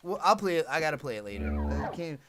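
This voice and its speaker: A man's voice: a little high, very animated, fast talker, very noisy. A man hosting a casual live stream, rambling, swearing freely and laughing often. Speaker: livestream host.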